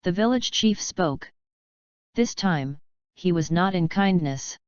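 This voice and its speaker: A woman narrating a fanfiction audiobook in a flat, even reading, with a dull lo-fi sound. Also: lowish voice, slow pace, clear, resonant tone, no room sound. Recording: dull lo-fi dry recording.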